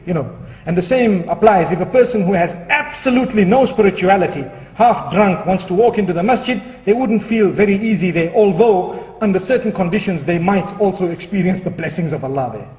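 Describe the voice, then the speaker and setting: A male Muslim preacher telling a humorous story within a sermon, in a lively, chatty storytelling way. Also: high-pitched. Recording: echoey hall, distant mic.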